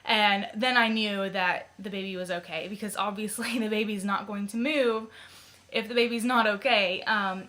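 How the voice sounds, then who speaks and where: Young woman, casual vlog chat, giggly, lots of ums, bright voice. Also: medium pitch, steady tone, moderate pace. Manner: chatty, giggly, with many ums and likes. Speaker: vlogger.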